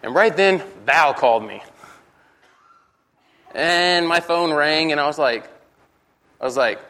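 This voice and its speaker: A man's voice: on the high side, animated, slow, pushed and bright. A man in his twenties giving a rambling, candid personal testimony, constantly repeating "I was like" and poking fun at himself. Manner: candid and self-mocking.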